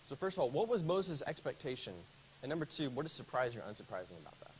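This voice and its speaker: A man's voice: mid-range voice, very animated, quick pace, a little hiss or hum, rough recording. A man teaching a Bible study class in a casual, conversational way, often asking the group questions.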